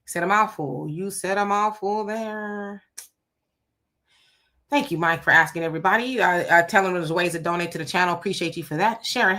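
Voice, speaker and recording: A woman's voice: lowish voice, sharp tone. A woman hosting a casual livestream, chatting loosely and greeting viewers by name as she reads their comments. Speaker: livestream host.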